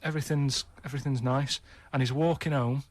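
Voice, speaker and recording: A man's voice: mid-range voice, steady tone, brisk, no room sound. A man on a radio show telling a long, rambling story in a plodding way, repeating himself and checking in with "right?" at every turn. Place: radio studio.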